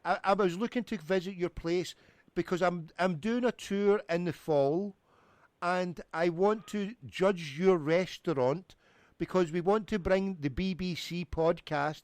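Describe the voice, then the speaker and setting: A high-voiced man runs a prank call, rambling on with mock-pompous deadpan nonsense. His voice sounds close and dry, with no room around it. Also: dry recording. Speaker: prank caller.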